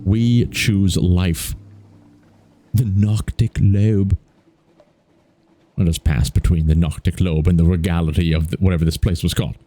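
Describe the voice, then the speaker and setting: A man's voice: deep voice, fairly even intonation, normal speed, dark tone. A man hosting a let's play, chatting playfully and reacting aloud to the game. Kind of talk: casual gameplay commentary.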